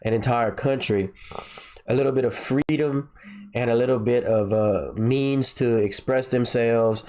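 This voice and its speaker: Man, nasal and stuffed up, average pitch, rambling casual livestream talk, repeats words. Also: a little slow, warm tone. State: nasal and congested from a sinus infection. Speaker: crypto livestream host.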